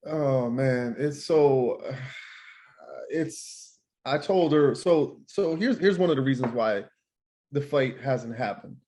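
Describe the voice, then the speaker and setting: A man's voice: mid-range voice, slow, dark tone. A man who trains and manages boxers, talking in a casual interview, emphatic and often repeating himself as he restarts sentences.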